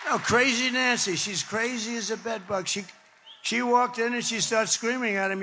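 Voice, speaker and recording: An older man from the New York area holds forth at a campaign rally, his voice high-set for a man, with a rough, gravelly edge. He rambles and repeats lines for emphasis. His words ring out with the long reverb of a big hall. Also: normal speed, sharp tone, a faint crowd. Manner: repetitive, emphatic, rambling and conversational. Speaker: political speaker. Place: large hall before a crowd.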